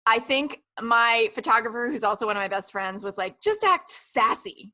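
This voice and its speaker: A woman's voice: on the high side, fairly quick. A woman in her thirties, a business coach, chatting casually and cheerfully as a podcast guest. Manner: upbeat, warm, laughs easily. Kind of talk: casual interview chat. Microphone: video call.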